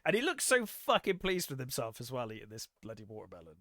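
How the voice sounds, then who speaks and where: A man co-hosting a film podcast, retelling scenes in a casual, animated way, swearing freely and laughing often. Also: medium pitch, fast, dry recording, studio quality. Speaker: podcast co-host. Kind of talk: casual film review chat.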